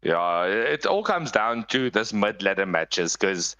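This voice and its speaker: Brief: male esports caster on a headset, bright tone, lively pitch, analytical play-by-play that jumps up in fights. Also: measured pace, clear, resonant tone, lo-fi sound. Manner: analytical, gets excitable in big plays. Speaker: esports commentator. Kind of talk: live game commentary.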